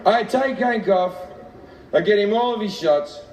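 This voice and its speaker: Profane stand-up comic, high voice, echoey. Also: male voice, a little slow, darkish tone, dull audio. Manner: profane, self-mocking storytelling with laughs. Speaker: stand-up comedian. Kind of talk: stand-up comedy routine. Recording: echoey, distant, noisy live recording.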